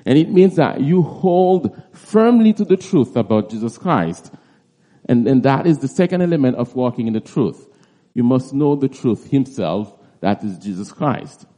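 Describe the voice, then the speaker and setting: A man preaching through a Bible passage in an expository teaching style, halting often and restarting his phrases. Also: mid-range voice, lively intonation, mellow. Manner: halting, with frequent restarts and repeated words.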